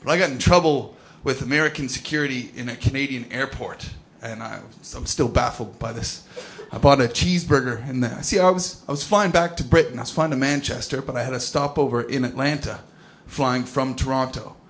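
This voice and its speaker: A man's voice: medium pitch, brisk, hardly any pauses. A young man doing stand-up and then chatting as a guest, telling stories in a laid-back, self-mocking way. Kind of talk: stand-up set then chat-show interview. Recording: noisy live venue recording.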